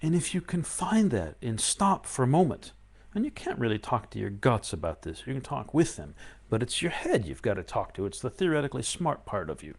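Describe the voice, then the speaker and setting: A man giving a live-streamed spiritual talk, acting out inner voices with sudden high yelps between calm stretches of explaining. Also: brisk. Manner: shifts between loud outbursts and quiet calm explaining. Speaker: spiritual teacher.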